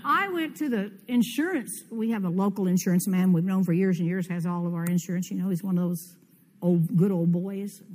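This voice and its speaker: An older woman preaching a conference sermon, fervent and commanding, with sudden loud rises in her declarations. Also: lowish voice, a little fast, slight background noise. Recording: long hall reverb.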